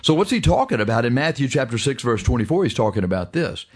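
A man's voice: medium pitch, very animated, breathy edge. Emphatic male preacher. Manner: emphatic, drawn-out preaching with sudden fast stretches; reads scripture in old-fashioned wording. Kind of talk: radio sermon with scripture reading.

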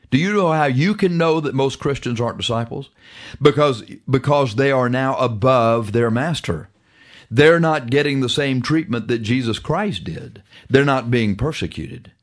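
A man preaching a broadcast sermon, reading scripture aloud and driving points home, stretching words out slowly, then rushing ahead. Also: mid-range voice. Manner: emphatic, drawn-out preaching with sudden fast stretches; reads scripture in old-fashioned wording.

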